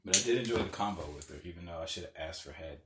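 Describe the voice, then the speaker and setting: A man's voice: low voice, rapid-fire. Rambling, cursing young man with background noise. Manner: loose storytelling, swearing, laughing at own stories. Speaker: podcast host. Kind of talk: casual rambling podcast chat.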